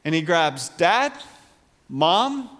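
A man's voice: on the high side, sing-song, extremely slow, a bit bright. A man preaching a conversational sermon as a pastor, acting out voices from the Bible story. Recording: long hall reverb.

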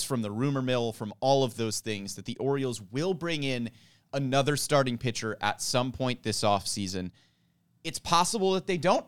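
A man's voice: medium pitch, a bit bright, clear, resonant tone. A man co-hosting a casual sports podcast, joking around and then laying out his analysis point by point. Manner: jokey, then lays out a list analytically. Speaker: podcast co-host. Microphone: handheld mic.

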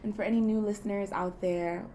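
A woman's voice: medium pitch, steady tone, fairly quick, warm tone, a little hiss or hum. A young woman from Kenya hosting her own podcast in a casual, chatty way, laughing often and leaning on fillers like "you know.". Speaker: podcast host. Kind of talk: casual solo podcast chat.

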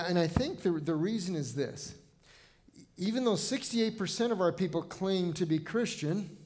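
A male pastor preaches to his congregation in a church sanctuary. His voice sits a little higher than most men's. He talks earnestly and conversationally, often stumbling over and repeating words as he goes. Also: darkish tone. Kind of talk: sermon.

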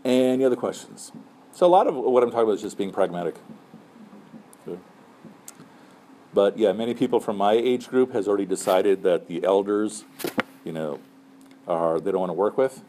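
A middle-aged man gives student leaders casual, conversational advice as a chaplain, often tossing in "right?" and "okay?". His voice sits on the low side. Faint room noise runs behind him. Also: moderate pace, pauses often, mellow.

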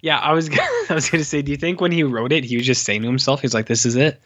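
A man of middling pitch chimes into a casual podcast chat with dry, sarcastic asides. His voice sounds dull and a bit muffled, close up and dry. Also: racing, fairly bright tone, dry recording. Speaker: podcast co-host.

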